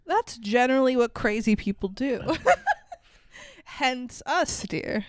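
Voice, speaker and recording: A woman with a somewhat high, expressive voice speaks slowly in a clean, echo-free studio recording. Co-hosting a casual movie-review podcast, she swears freely, laughs often and acts out the characters' lines.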